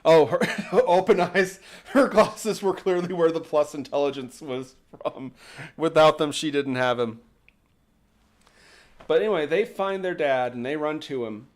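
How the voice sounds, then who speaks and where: A man's voice: fairly high pitch, a little slow. A man hosting a livestream, retelling a folk tale casually with sarcastic, mocking asides and casual swearing. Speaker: host.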